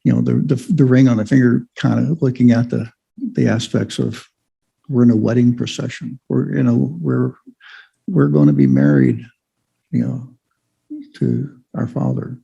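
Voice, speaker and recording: A man's voice: mid-range voice, normal speed, creaky, dark tone, slightly rough, muffled recording. A man giving an informal church Bible lesson, rambling with many fillers and restarts. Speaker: Bible study teacher.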